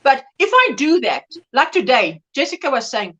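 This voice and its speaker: A middle-aged woman hosts a relaxed livestream chat with a high, bright voice. She rambles in a friendly way and keeps breaking off and restarting her sentences. Her tone stays easy and conversational as she talks to her viewers. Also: moderate pace, low-quality recording. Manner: chatty, reads viewer comments aloud, rambling restarts. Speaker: livestream host. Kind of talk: casual chat.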